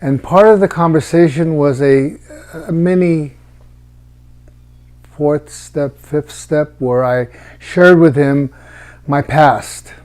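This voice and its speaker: A middle-aged man telling a personal story in a halting, reflective way, with frequent restarts. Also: on the high side, darkish tone.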